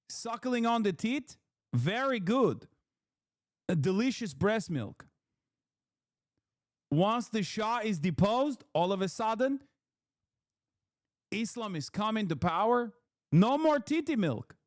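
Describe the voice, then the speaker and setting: A man voicing an exaggerated, fawning Persian man with a Persian accent and drawn-out, gushing thanks. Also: high voice, animated, no room sound, clean studio sound, voice pushed up. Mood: mock nostalgic. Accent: Persian-accented English.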